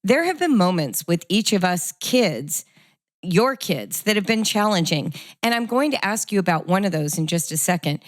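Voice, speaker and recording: Animated middle-aged woman hosting an interview. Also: medium pitch, normal speed, dry recording, studio quality. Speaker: podcast host. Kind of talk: conversational interview.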